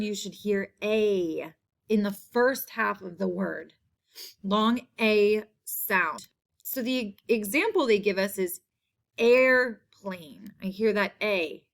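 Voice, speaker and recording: A woman teacher giving a spelling lesson to children, slow and patient, repeating each word clearly. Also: medium pitch.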